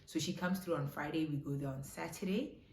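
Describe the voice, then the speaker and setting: A young South African woman telling a casual storytime, animated and switching between English and isiZulu. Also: sits low, fairly quick, a little hiss or hum. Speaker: vlogger. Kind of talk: storytime chat. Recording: roomy echo.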